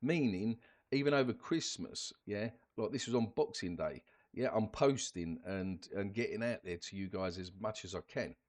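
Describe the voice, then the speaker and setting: A man with a fairly low voice hosts a crypto channel and talks loosely through what he shows on screen. He chats along, tags "yeah?" and "guys" onto his lines and trips back over his own words. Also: lively intonation, moderate pace. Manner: chatty, keeps adding "yeah?" and "guys"; restarts and repeats words often. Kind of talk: casual screen-share commentary.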